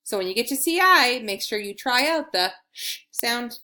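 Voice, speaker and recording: A woman teaching an early reading lesson to young children, speaking in an encouraging, clear way. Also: fairly high pitch, lively intonation, normal speed, bright, forceful tone.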